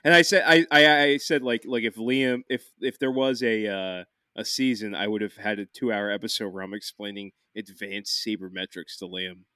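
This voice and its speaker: A man's voice: lowish voice, fairly even intonation, moderate pace, hardly any pauses, sharp tone, smooth, no room sound, studio quality. A man hosting a podcast in casual chat, rambling and swearing freely. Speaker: podcast host.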